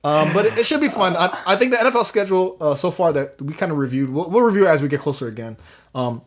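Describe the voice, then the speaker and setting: Fast-talking man on a podcast. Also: a little high, animated. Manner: rapid, loose, swears, restarts often. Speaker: podcast co-host. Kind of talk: casual sports chat.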